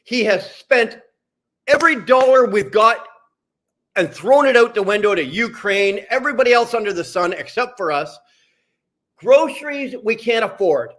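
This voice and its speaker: Angry high-voiced man ranting. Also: animated, moderate pace, fairly bright tone. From Canada. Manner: profane, heated, repetitive. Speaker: streamer. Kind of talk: angry livestream rant.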